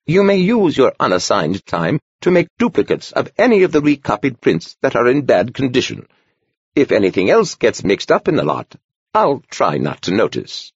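A gentle old monk overseer with a lively, sing-song lift, patient and wryly teasing, as a narrator puts him on. The voice sits higher than a gruff elder, husky and gravelly at the edges. It is a dull, dry, lo-fi storybook recording. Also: male voice, normal speed, no echo, heavily acted. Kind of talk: audiobook character voice.

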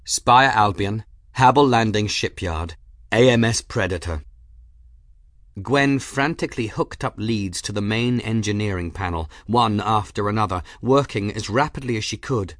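A man narrating an audiobook chapter in a measured, dramatic storytelling manner, close to the mic. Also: fairly low pitch, a bit bright, dry recording. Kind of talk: scripted narration.

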